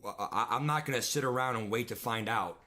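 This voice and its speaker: A man's voice: mid-range voice, a little fast, bright, forceful tone. A young man streaming a football video game, ranting and swearing in frustration as he plays. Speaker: gaming streamer. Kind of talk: live game commentary rant.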